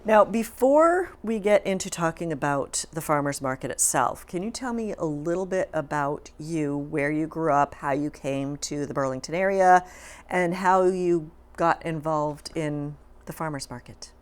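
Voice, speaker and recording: Low-voiced woman hosting a local talk show. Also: normal speed. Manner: chatty, upbeat, thanks people by name. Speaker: host of a community cable talk show. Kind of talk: casual interview.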